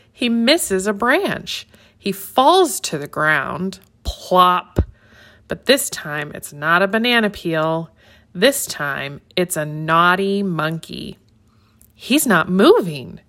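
A woman reading a children's story aloud in an expressive, sing-song way. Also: lowish voice, takes it slowly.

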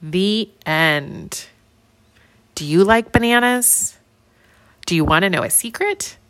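Woman reading a kids story, slow n sing-songy, bright voice. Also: medium pitch. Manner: slow, expressive, sing-song. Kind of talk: children's story read-aloud.

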